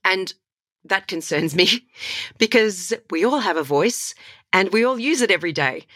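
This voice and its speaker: A woman's voice: medium pitch, unhurried, dry recording, studio quality. A woman with an Australian accent, a voiceover artist and voice coach, talking with enthusiasm in a conversational interview. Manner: enthusiastic, animated storytelling with laughs.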